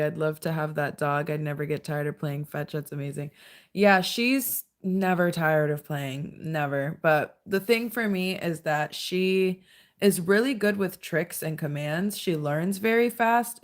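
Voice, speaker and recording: Young woman, chatty livestream host, lowish voice, laughs a lot, home at night, dog in the background. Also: a little slow. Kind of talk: casual livestream chat.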